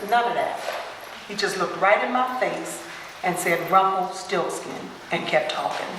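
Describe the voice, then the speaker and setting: A woman's voice: on the low side, moderate pace, slight background noise. A woman speaker telling personal stories to a gathering and acting out the people in them, recorded from far off in an echoey hall. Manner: animated storyteller who acts out quotes. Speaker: guest speaker. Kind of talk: personal storytelling talk.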